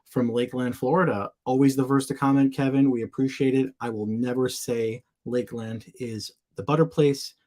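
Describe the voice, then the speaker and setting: A man's voice: mid-range voice, steady tone, moderate pace, few pauses, a little mellow. A man from the United States hosting a casual live Q&A, chatty and playful, tossing in made-up words while sharing his screen. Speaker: livestream host answering seller questions. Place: home or office in Florida.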